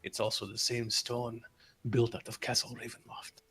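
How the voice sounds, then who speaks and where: A man voicing a weathered old former adventurer who speaks in a low, hushed, secretive way. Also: little pitch movement, normal speed, slightly rough. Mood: guarded.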